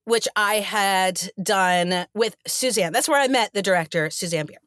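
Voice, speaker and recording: Middle-aged woman, animated raconteur, close dry mic. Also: medium pitch, a little slow, no room sound. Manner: animated storyteller acting out quoted voices. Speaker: actress guest. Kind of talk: casual interview chat.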